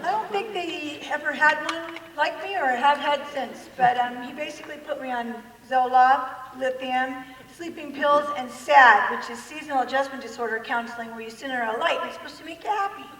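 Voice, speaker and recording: High-voiced woman, echoey church hall. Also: normal speed, hardly any pauses, recorded from a distance, slight background noise. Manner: animated, self-mocking humor, acts out quotes. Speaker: guest speaker. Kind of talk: personal testimony talk. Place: large church hall with an audience. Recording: echoey hall recorded from afar.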